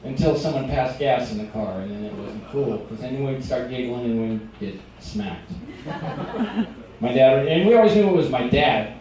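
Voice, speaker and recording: A middle-aged man doing a stand-up comedy set in a restaurant, telling stories in an animated way and acting out shouted quotes. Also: medium pitch, moderate pace, a little hiss or hum. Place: restaurant performance space. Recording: very echoey room recorded from a distance.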